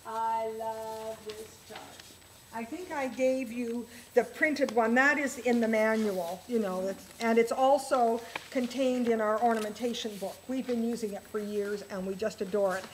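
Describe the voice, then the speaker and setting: A woman's voice: a little high, measured pace, a little hiss or hum, low-quality recording. A woman piano teacher leading a workshop for other teachers, enthusiastic and counting rhythms aloud.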